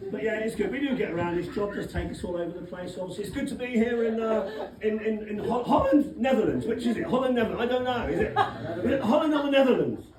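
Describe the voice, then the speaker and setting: A man's voice: high-pitched, lively intonation, quick pace. An English man doing a rowdy, cheeky stand-up set in a comedy club and teasing the crowd, with the audience laughing. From England. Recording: echoey club from far off, crowd noise.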